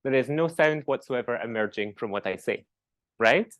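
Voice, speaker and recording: A man's voice: medium pitch, normal speed. A man from the west coast of Scotland with a West Coast Scottish accent, giving a classroom lecture, often ending points with a questioning "right?" and saying example words aloud. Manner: explains with tag questions, demonstrates sounds aloud.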